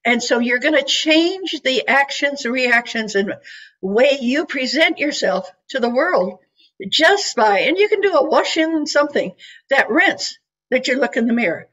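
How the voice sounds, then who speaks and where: A woman's voice: high-pitched, animated, a little slow, fairly bright tone. A woman in her eighties giving a chatty, reassuring psychic reading over a video call, with frequent fillers. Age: 80s. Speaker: psychic reader. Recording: dull lo-fi call audio.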